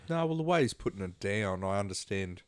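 A man talking casually in a halting way, trailing off and restarting, heard quietly from away from the microphone. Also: on the low side, expressive, dry recording. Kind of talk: casual chat. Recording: off-mic, distant and quiet.

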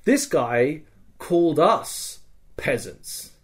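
A man's voice: on the high side, very animated, extremely slow, husky. A man hosting a podcast, telling a story in casual chat. He swears freely and keeps checking in with "right?" and "okay?". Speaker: podcast host.

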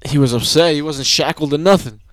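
Man, casual listener, slightly high voice, dry close sound. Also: fairly quick, no echo. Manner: brief reactions and questions. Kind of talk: casual chat.

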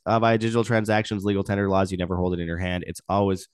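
A man's voice: lowish voice, steady tone, racing, no echo, clean studio sound. A young man hosting an independent news commentary show, reading articles aloud and adding indignant, sarcastic asides.

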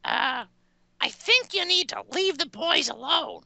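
A woman's voice: high-pitched, lively intonation, a little slow, vocal fry, pushed and bright, dry recording, exaggerated voice. A woman voicing a tiny, menacing self-styled killer who calls in to a show, talking tough and sarcastic in improvised comedy. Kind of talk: improvised comedy role-play.

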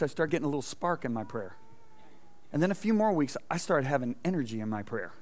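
A middle-aged man preaching a sermon in a church, telling a personal story with animated asides and questions to the congregation. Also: fairly high pitch. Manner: animated storytelling, acting out quotes, asking the audience questions. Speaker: pastor. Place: church sanctuary.

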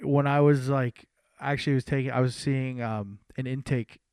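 A man's voice: mid-range voice, steady tone, moderate pace, a little mellow, clean tone, no room sound, clean studio sound. A man co-hosting a podcast, joking around and rambling with lots of restarts. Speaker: podcast co-host. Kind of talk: casual podcast chat.

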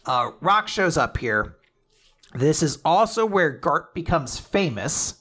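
An animated man hosts a casual podcast recap, swearing freely and laughing often. His voice is bright and sharp, pitched a little high. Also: takes it slowly. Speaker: podcast host. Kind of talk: casual chat recapping manga chapters.

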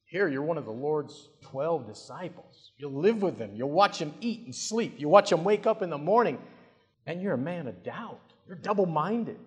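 A man's voice: on the high side, very animated, normal speed. A preacher doing a judgmental self-righteous churchman. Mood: scolding. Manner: accusing, lecturing. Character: self-righteous judgmental male Christian scolding. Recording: long reverb of a large hall.

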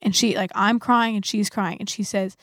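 Creaky-voiced woman telling a story. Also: mid-range voice, steady tone, normal speed, no room sound, studio quality. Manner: warm storytelling, says "like" often. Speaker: podcast co-host. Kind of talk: casual church podcast chat.

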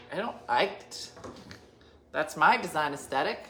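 A woman's voice: sits low, moderate pace. A middle-aged woman telling a rambling personal story to her viewers, acting out the dialogue in changing voices and sometimes dropping to a whisper. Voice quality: chatty, animated, acts out dialogue in shifting voices and whispers. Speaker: vlogger. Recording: echoey room with faint background noise.

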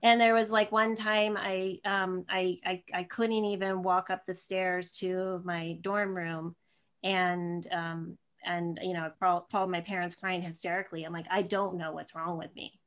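A woman's voice: lowish voice, little pitch movement, measured pace, fairly bright tone, smooth. A woman in her thirties, a guest in an interview, telling a personal story in a rambling way with many restarts and fillers.

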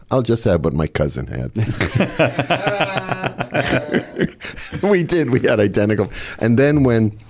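An older man with a fairly low voice spins wry stories about his family as an interview guest. He laughs at his own punchlines and moves easily from setup to joke. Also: darkish tone. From Boston area. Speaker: comedian guest. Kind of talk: storytelling interview.

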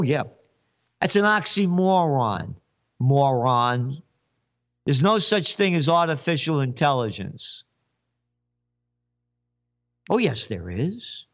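A man delivers a slow, sarcastic rant, his voice swooping up and down as he mocks his targets. He sits a little high for a man and plays with words as he goes. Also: fairly bright tone. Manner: sarcastic, mocking, wordplay. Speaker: host. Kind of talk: ranting commentary.

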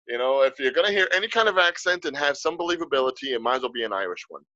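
A man co-hosting a podcast, chatting casually and telling stories in an animated way. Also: mid-range voice, very fast, dry recording, highs cut off. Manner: animated, storytelling. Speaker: podcast co-host. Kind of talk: casual conversation.

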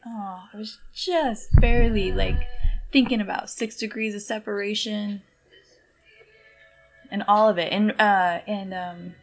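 A woman chatting casually, rambling and animated, full of "like" and restarts. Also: mid-range voice, rough recording. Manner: rambling, animated storyteller with many fillers. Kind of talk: casual chat.

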